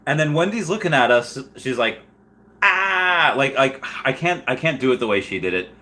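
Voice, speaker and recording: A man casually reading live chat and rambling about collectibles, animated and quick to laugh. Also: medium pitch.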